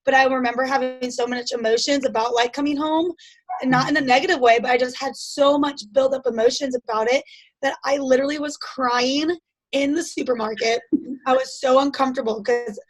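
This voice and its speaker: A young woman with a high voice talks in a relaxed, chatty way. She is an interview guest telling stories and drops "like" into most of her sentences. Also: a little fast. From United States. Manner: chatty storytelling, frequent "like" fillers. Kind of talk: casual conversation.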